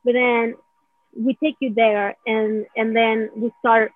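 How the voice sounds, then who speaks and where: A woman with a slightly high voice speaks slowly and flatly, without echo. She's casually explaining a healing technique, wandering off track, tossing in "right?" often and acting out feelings through quoted asides. The sound is dry and narrow, like a phone.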